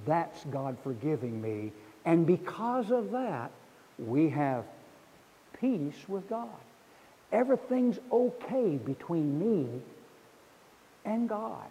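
Lively high-voiced preacher in a reverberant hall. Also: male voice, slow pace, long pauses, slightly rough. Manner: storytelling preacher who leads the congregation in responses. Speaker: pastor. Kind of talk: sermon.

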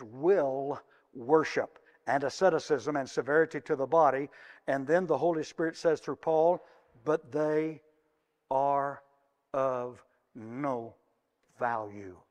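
A man preaching a sermon, moving between quiet asides and loud emphatic peaks and asking his congregation questions. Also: fairly high pitch, in a large hall.

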